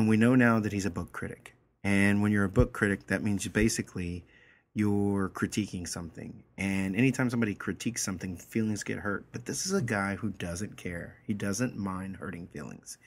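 A man's voice: fairly low pitch, moderate pace. A man teaching a story, reading it aloud line by line and then explaining it in a casual way, often checking in with his listeners.

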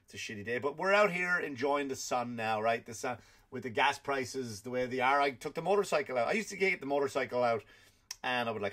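A man's voice: mid-range voice, expressive, fast talker, sharp tone. An Irish man, a stand-up comedian hosting his podcast, ranting sarcastically with profanity and restarts. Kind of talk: comedic rant monologue.

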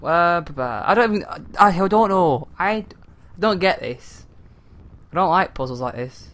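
Young male let's-play host, bright, slightly high voice, sarcastic banter. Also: expressive, moderate pace. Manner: sarcastic, self-mocking, laughs often. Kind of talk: joking gameplay commentary.

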